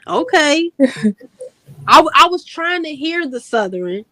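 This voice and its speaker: Animated high-pitched Chicago woman. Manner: laughing, animated, drawn-out slang. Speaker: host. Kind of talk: casual livestream chat.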